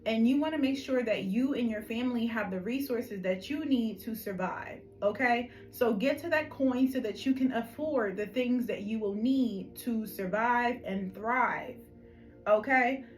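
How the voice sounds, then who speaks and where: A woman's voice: on the high side, unhurried, poor audio. A woman with a Philadelphia accent giving a collective tarot reading to camera, chatty and affectionate, calling viewers honey and checking in with "okay?". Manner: animated, emphatic, frequent "okay?" check-ins. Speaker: tarot reader.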